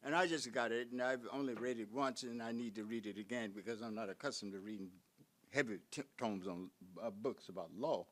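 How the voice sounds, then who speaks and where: Speaking at a conference, an older professor from the United States lectures reflectively, posing many rhetorical questions and now and then stalling with fillers and restarts. His pitch is medium.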